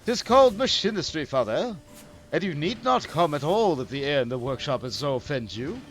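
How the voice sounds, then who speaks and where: A man's voice: on the high side, sing-song, fairly quick, fairly bright tone, pitched below the performer's own voice. A man reading a defiant young noble son. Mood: indignant. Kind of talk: reading game dialogue in character.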